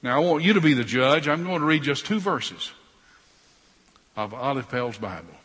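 Male preacher, sermon, husky, bright, dramatic swings, long reverb hall. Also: medium pitch, expressive, moderate pace. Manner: dramatic swings, sarcastic asides.

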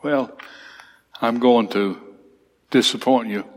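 A man's voice: mid-range voice, slow pace. A man teaching a Bible class, reading verses aloud and explaining them with emphatic repetition. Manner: emphatic, reads scripture aloud then explains it. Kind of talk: expository Bible class lecture. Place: church classroom with slides. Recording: long hall reverb.

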